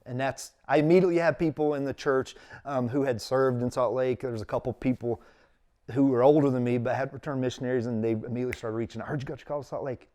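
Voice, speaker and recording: A man's voice: medium pitch, fairly even intonation, quick pace, darkish tone. A middle-aged man, telling his story in casual conversation as an interview guest and acting out quotes with big jumps in his voice.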